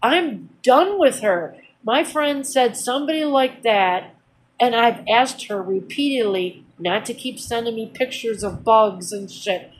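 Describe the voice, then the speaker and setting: A woman's voice: fairly high pitch, measured pace, a little hiss or hum, rough recording. A woman telling a personal story in a casual vlog, venting in a heated, aggrieved and blunt way with repeated phrases and swearing. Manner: blunt, profane everyday speech. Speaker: vlogger.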